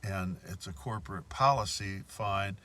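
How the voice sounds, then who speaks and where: A man's voice: sits low, measured pace, fairly bright tone. A man telling a story in a casual monologue, indignant and repeating his points. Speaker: bank customer telling of a complaint.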